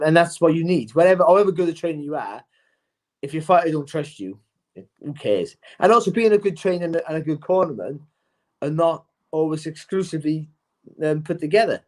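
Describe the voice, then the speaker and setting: A slightly high-voiced man chats casually as a boxing pundit, animated in manner, frequently repeating words as he kicks off each point.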